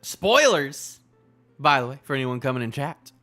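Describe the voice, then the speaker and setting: A man streaming a live manga reaction with a bright, forward voice that leaps all over his pitch range. He gets excited, repeats himself and wanders off on tangents. Faint music plays underneath. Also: normal speed.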